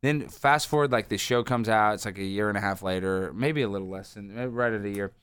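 A man in his thirties, a guest telling rambling, animated stories with lots of fillers. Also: on the low side, fairly quick, smooth, no room sound. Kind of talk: casual interview storytelling.

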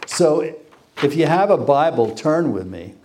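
A man's voice: fairly high pitch, sing-song, unhurried, a little mellow, slight background noise. A man preaching a sermon, who reads scripture aloud, repeats phrases for emphasis and asks the congregation questions.

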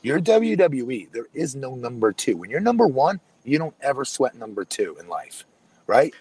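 A man's voice: mid-range voice, sing-song, moderate pace, darkish tone. A man co-hosting a casual podcast, talking in a blunt, emphatic way. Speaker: podcast co-host. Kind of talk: casual wrestling chat.

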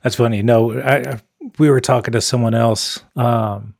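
A man's voice: medium pitch, steady tone, moderate pace, vocal fry, darkish tone, dry recording, studio quality. A man hosting a casual interview, asking short follow-up questions. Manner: brief reactions and follow-up questions. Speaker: podcast host.

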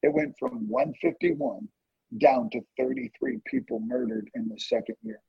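A man tells an emotional prayer story with real feeling, his voice rough and strongly gravelly. It swings up and down with lively energy. The recording is dry and a little dull, like a lo-fi podcast. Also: normal speed, no room sound. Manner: earnest, emotional testimony with animated swings in pitch. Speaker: guest, prayer ministry leader. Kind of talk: storytelling in a conversation.

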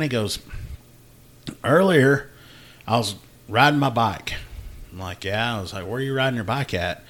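A man's voice: on the low side, a bit bright. A man, hosting a casual podcast and telling a work story about a call-out, laughing often and acting out what people said. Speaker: podcast host, law enforcement officer.

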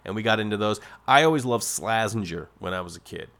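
Animated man telling golf stories. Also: on the low side, fast. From Massachusetts. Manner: animated storytelling with exaggerated quoted voices. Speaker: podcast host. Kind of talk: comedic casual monologue.

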